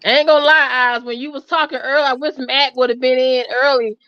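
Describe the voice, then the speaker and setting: A woman from Atlanta with an Atlanta accent, chatting in a lively, giggly way. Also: high voice, fairly quick, no room sound, dull audio. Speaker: stream guest. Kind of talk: casual chat.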